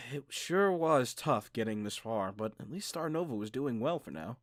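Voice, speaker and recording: A man reading a visual novel aloud with joking commentary, laughing at himself and dropping low for the narration. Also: sing-song, normal speed, dry recording, clean studio sound. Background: game music.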